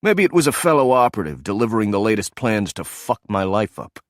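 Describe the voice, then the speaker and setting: A man's voice: lowish voice, sing-song, fast, no room sound, studio quality. A man voicing a bitter, sarcastic male ex-agent who talks in an accusing way.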